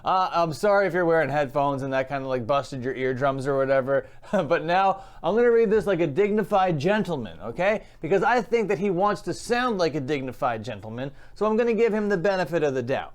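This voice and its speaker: A man's voice: a little high, lively intonation, a little fast. A young man hosting his own commentary vlog, talking casually in a sarcastic, mocking tone and laughing often. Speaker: channel host.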